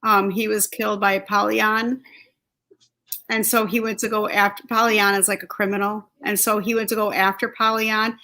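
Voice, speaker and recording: A woman co-hosting a casual chat, answering in a relaxed way with many fillers. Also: mid-range voice, moderate pace. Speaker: co-host.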